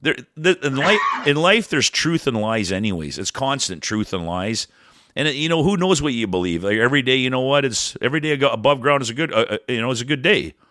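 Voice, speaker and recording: A man's voice: medium pitch, lively intonation, brisk, dry recording. Blunt, profane man ranting on a podcast. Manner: blunt, profane, rambling, swings loud and soft. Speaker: podcast co-host. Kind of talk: casual ranting chat.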